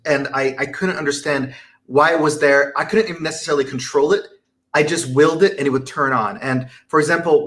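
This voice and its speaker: A man's voice: medium pitch, a bit bright. A young man chatting as a guest in an interview, talking eagerly and rambling a little, laughing easily. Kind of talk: casual interview chat.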